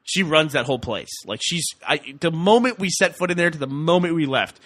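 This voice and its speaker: A man's voice: fairly high pitch, brisk, no room sound, clean studio sound. A young man from Texas hosting a podcast, telling stories in casual chat and laughing often. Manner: animated storyteller, laughs often. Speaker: podcast host.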